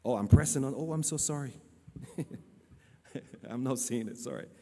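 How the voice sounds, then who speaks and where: A man preaching a storytelling sermon, animated, stammering and repeating his words. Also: mid-range voice, measured pace. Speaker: lay preacher and church teacher. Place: church hall. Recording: long church hall reverb.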